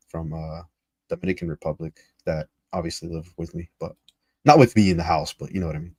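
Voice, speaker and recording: Deep-voiced man in slangy livestream banter. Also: darkish tone, slightly rough, dry recording, clean studio sound. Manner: slangy, joking, switches between English and Spanish. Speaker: livestream host.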